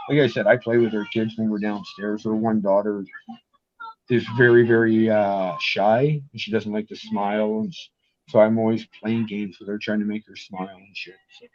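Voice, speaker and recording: A man talks casually on a video call, telling lively stories and cursing freely. His voice sits mid-range. The call audio is muffled and lo-fi. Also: on the low side. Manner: animated storytelling, swears casually.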